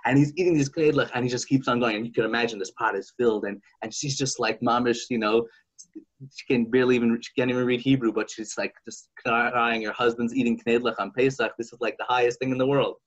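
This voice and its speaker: Animated man telling a folk tale. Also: mid-range voice, dull audio. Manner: animated, halting, with many restarts. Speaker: podcast host. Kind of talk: casual chat and folk storytelling.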